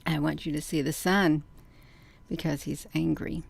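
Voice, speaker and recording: A woman's voice: deep voice, steady tone, unhurried, gravelly, husky. A woman hosting her own channel in a casual vlog monologue, talking earnestly and folksily and repeating herself often. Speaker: channel host.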